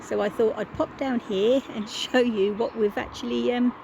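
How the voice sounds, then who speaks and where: A woman from southeast England chatting casually on a craft vlog, slightly croaky, rambling and laughing often. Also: a little high, steady tone, moderate pace, darkish tone, slight background noise. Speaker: craft podcaster.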